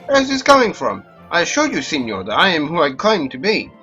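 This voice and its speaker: A man voicing a suave, theatrical male fox con artist with a smooth, grandly dramatic delivery, in a game. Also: mid-range voice, fairly quick, bright, forceful tone, dull audio, faint music behind, lightly acted. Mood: flustered.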